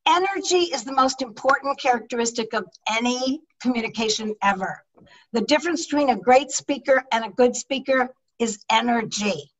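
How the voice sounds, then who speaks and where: Over a video call mic, a middle-aged public speaking coach gives an online leadership lesson in an energetic, emphatic manner. Her pitch sits on the high side and she speaks at a moderate pace, recorded from a distance in rough audio quality.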